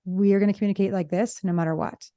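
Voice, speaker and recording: A woman couple therapist co-hosting a podcast, talking in an animated way and acting out example lines, recorded in her office. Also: mid-range voice, fast, no room sound. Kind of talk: casual conversational podcast chat.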